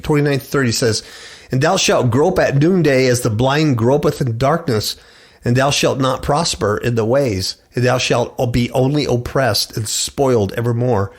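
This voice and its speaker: A middle-aged man hosting a radio show, preaching and reading scripture aloud. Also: mid-range voice. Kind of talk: preaching bible commentary.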